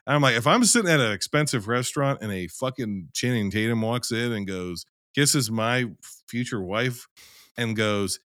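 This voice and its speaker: A man co-hosting a casual film podcast, talking in a loose, animated way, swearing and acting out scenes as he argues his view. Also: mid-range voice, moderate pace, dry recording, studio quality. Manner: animated, profane, acts out scenes in quotes. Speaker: podcast co-host.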